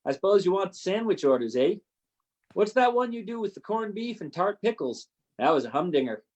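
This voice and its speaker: A man voicing a gruff older male army recruiting colonel in a put-on Canadian accent, brash and joshing. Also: high-pitched, sing-song, fairly quick, a little mellow, highs cut off.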